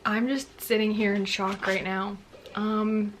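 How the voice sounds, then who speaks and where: A woman vlogging her reaction to a book, gushing and exclaiming, and dropping to a hushed voice when she reads passages aloud. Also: mid-range voice, level tone, slow, slight background noise. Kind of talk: excited book reading reaction.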